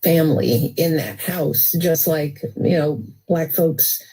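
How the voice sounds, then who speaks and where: A woman speaking slowly and reflectively in a played recording. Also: sits low, mellow, husky. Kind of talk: recorded speech clip. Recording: distant archive clip.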